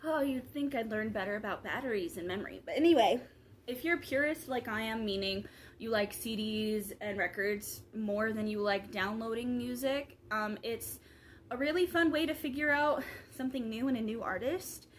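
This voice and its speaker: A chatty young woman talks straight into her camera mic, rambling along with plenty of ums and likes. Her voice sits a little high for a woman, with a faint hiss of background noise behind it. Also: normal speed. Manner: rambling, chatty, lots of fillers. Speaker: vlogger. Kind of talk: casual vlog chat.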